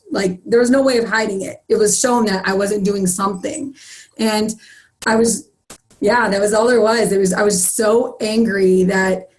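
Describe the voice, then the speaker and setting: A woman on a team call telling a candid, animated story about herself in a casual way. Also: mid-range voice, low-quality recording. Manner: animated, candid, self-mocking. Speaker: team member sharing a story.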